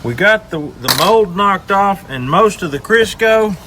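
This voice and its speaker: A man's voice: lively intonation, noisy background. A man mocking a dim, carefree meat cleaner. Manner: high, mocking, drawn-out voice.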